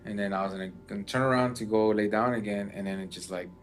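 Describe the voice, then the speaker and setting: Man, low voice, casual rambling storyteller, light music underneath. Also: fairly even intonation, fast talker. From Mexican family background. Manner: rambling, many fillers. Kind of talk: casual chat.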